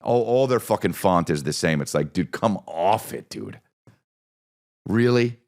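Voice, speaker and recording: Gravelly low-voiced man riffing. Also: lively intonation, a little slow, darkish tone. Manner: profane, rambling riffs with repeated bits. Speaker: podcast host. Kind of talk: comedic podcast monologue.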